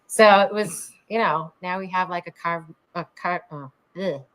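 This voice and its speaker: A woman's voice: lowish voice, normal speed, a bit bright. A woman co-hosting a casual podcast, talking hesitantly with many fillers and restarts.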